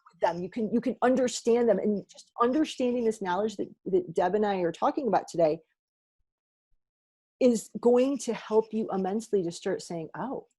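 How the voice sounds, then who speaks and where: A woman guest speaks earnestly as a career coach, encouraging and measured. Her voice is mellow and a little husky. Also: medium pitch. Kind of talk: interview conversation.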